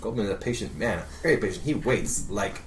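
A man playing a tabletop game, lively, bursting into loud in-character shouts. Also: lowish voice, brisk, reverberant, music in the background. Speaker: player.

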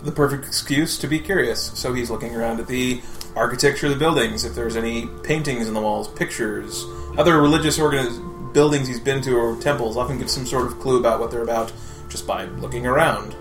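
A man calmly explaining his character's actions in a tabletop game. His voice is mid-pitched. The room echoes, with faint music behind. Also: brisk. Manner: thoughtful, explaining. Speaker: player. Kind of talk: casual tabletop game chat. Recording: roomy echo, faint music.

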